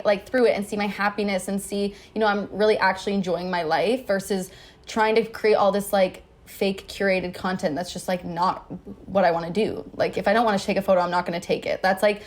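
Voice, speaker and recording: A young woman from Canada, a podcast guest, chatting casually and upbeat with lots of "like". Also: medium pitch. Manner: chatty, upbeat, heavy use of "like". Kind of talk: casual chat.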